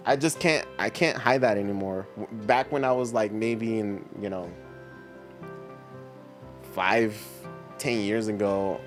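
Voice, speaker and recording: A man's voice: fairly low pitch, takes it slowly, pauses often, faint music behind. A middle-aged man hosting a livestream, chatting casually with viewers in a laid-back, slangy way and laughing often. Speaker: livestream host reading chat. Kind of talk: casual chat reading viewer comments.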